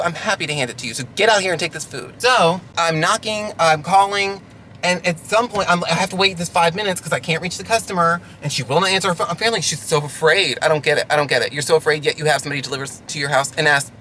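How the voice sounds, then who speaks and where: A man's voice: fairly high pitch, fast, sharp tone, a little hiss or hum. A delivery driver venting through a ranting storytime vlog from his car, sarcastic and exasperated.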